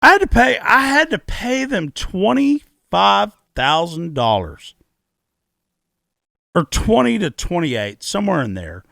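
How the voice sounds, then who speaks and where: Emphatic, profane man with a gravelly voice. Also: high-pitched, big pitch swings, slow, pushed and bright, no room sound, studio quality. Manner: emphatic, profane storyteller who repeats key words. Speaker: podcast co-host. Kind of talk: casual podcast chat. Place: podcast studio.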